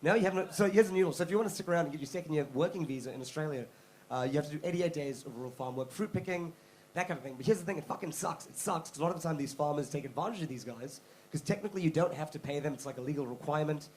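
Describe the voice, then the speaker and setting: A young male stand-up comic with a high, light voice works a comedy club stage, moving from casual setup into lively put-on voices as he tells his stories. A faint hum sits under his mic. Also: very fast, poor audio. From South Africa. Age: young adult. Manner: animated storytelling, breaks into mock voices.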